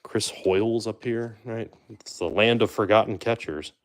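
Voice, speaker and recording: A man hosting a live stream, chatting casually and making relaxed asides to his viewers. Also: fairly low pitch, moderate pace. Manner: chatty, relaxed, trails off with fillers and asides to chat. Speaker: livestream host opening baseball card boxes.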